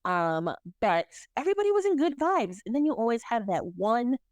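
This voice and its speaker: A woman co-hosting a podcast tells stories in casual conversation, animatedly acting out what people said and laughing. Her voice is a little high and brisk, and the recording is dry.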